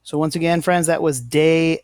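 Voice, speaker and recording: There's no echo as a man with a slightly high voice teaches a lesson at normal speed, his intonation fairly even. He explains patiently in a slow, deliberate classroom style, repeatedly correcting himself and sounding apologetic.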